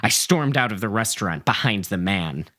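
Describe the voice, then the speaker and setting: A man reading a dark first-person story aloud in a theatrical way, playing up the narrator's rage. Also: lowish voice, animated, moderate pace. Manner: theatrical, swings into shouting for quoted rage.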